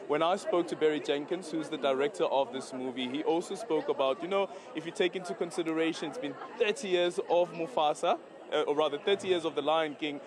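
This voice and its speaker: Breathless reporter on a crowded red carpet. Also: male voice, on the high side. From South Africa. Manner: excited, chatty. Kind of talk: live news interview. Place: outdoor red carpet event at a shopping centre. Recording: lively crowd around.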